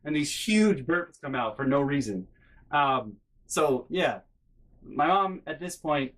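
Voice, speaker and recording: Guy telling a funny story, swears a lot, bright edgy voice, middle pitch. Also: takes it slowly. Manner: animated, profane, self-mocking. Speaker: vlogger. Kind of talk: comedic storytelling.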